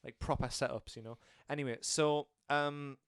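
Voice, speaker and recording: A man's voice: medium pitch, normal speed, smooth, dry recording, clean studio sound. A man in casual chat about a film, retelling scenes and acting out the characters' lines. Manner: animated storytelling, acting out scenes. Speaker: film reviewer.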